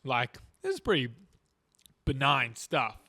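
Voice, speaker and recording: A young man in his twenties in a relaxed podcast chat, reflective and full of "like" and "you know". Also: mid-range voice, slow pace.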